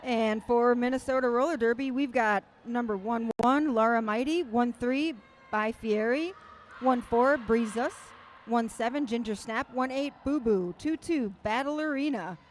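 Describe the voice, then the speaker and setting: A woman announcing a roller derby bout live, making brisk, matter-of-fact calls with dry quips. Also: on the high side, slight background noise. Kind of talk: live sports commentary.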